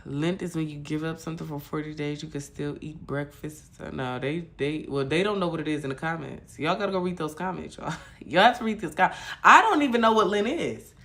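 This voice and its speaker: A woman from Michigan hosts a casual livestream chat with a gravelly, fry-laden voice. She talks bluntly to her viewers and curses freely. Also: low-pitched, brisk, few pauses, bright, forceful tone, slight background noise. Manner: blunt, profane ranting to viewers. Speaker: livestream host.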